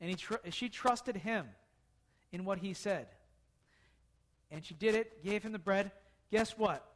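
Man, preacher, very high voice, casual sermon, conversational, asks questions. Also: unhurried, fairly bright tone.

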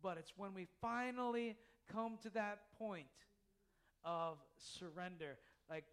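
A man's voice: sits high, takes it slowly, a bit bright, smooth. A man preaching a sermon in church, earnest and full of repetition. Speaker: pastor.

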